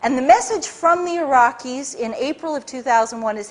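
A woman speaking at a public talk, telling a story to a live audience in an animated, rambling way, often correcting herself mid-sentence. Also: fairly high pitch, a little fast.

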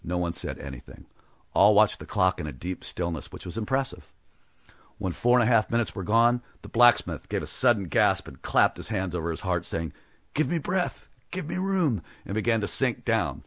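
A man narrating a story as an audiobook, with expressive storytelling. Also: sits low, moderate pace, dry recording, clean studio sound.

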